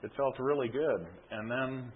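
A man's voice: mid-range voice, fairly even intonation, unhurried, slightly rough. A man preaching a sermon, telling an illustration story and often adding a checking "okay?". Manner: storytelling with frequent tag "okay?". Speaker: pastor. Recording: tinny phone-like sound.

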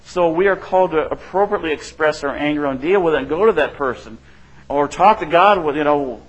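Conversational preaching man, slightly high voice. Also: brisk, poor audio. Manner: conversational preaching, asks the room "right?", acts out quotes. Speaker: pastor. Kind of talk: sermon.

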